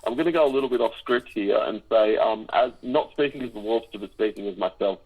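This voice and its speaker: A man co-hosting a podcast in casual banter. He uses dry, self-mocking humour with lots of "uh" pauses. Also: lowish voice, darkish tone, husky. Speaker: podcast co-host. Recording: dull lo-fi line.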